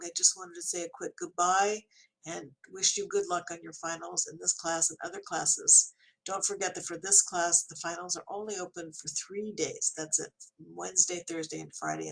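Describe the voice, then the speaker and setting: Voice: mid-range voice, normal speed, vocal fry, a bit bright, breathy edge. An ESL teacher giving a recorded online lecture to students, talking in an encouraging way with frequent fillers.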